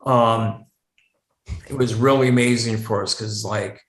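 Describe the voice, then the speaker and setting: A man's voice: on the low side, fairly even intonation, a little slow. A man in his forties, a metal guitarist guest telling band stories in a casual, rambling way and swearing a lot. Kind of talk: casual storytelling chat. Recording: echoey room.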